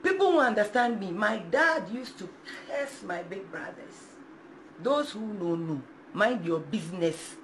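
A woman's voice: medium pitch, animated, unhurried, slight background noise. A young Ghanaian woman in her twenties speaking out defiantly on a live video, switching between English and Twi and reading scripture aloud. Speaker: mother speaking out. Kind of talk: emotional social media live video.

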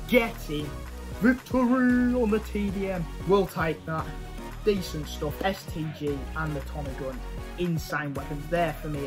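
A young man giving excitable live commentary over his own gameplay, cheering and swearing at the action. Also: a little high. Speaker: gaming YouTuber.

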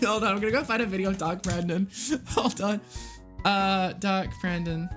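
Excitable streamer with faint music. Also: mid-range voice, normal speed. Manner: excitable, laughs a lot, swears casually. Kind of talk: live game streaming chat.

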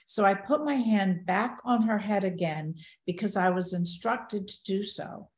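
A woman's voice: mid-range voice, measured pace, hardly any pauses. Older woman telling her story in an echoey room. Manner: earnest, quotes dialogue in a lively retelling. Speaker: guest speaker. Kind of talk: personal storytelling talk.

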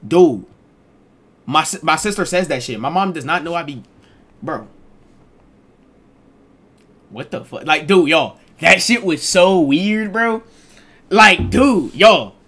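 A young adult man streamer telling a casual storytime, animated, slangy and profane. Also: fairly high pitch, slow pace, pauses often, breathy edge.

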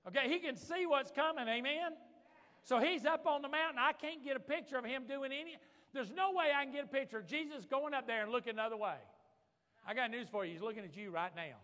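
A man's voice: very high voice, fast, sharp tone. A man preaching a sermon as pastor, fervent, calling out for amens from the congregation. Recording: long reverb of a large hall.

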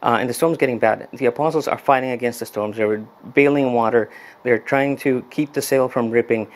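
A man's voice: mid-range voice, a little fast. Man preaching a casual youth sermon. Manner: conversational storytelling, frequent restarts. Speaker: youth pastor.

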